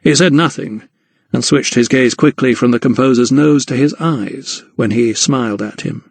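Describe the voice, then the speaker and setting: A man narrating a historical mystery audiobook in a measured, even manner. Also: medium pitch, creaky, breathy edge, dry recording. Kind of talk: scripted narration.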